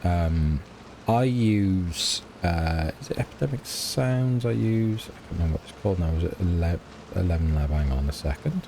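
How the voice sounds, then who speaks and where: A man's voice: deep voice, normal speed, background noise. A middle-aged British man chatting casually and hesitantly while playing a farming game, often trailing off and mocking himself. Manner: rambling, hesitant, self-mocking. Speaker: let's play gamer.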